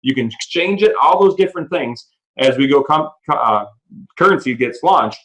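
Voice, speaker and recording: A man with a medium-pitched voice gives an animated sales pitch over an audio call, eagerly telling stories and performing the dialogue. Fired up, he speaks quickly and keeps restarting sentences, all on a low-quality recording.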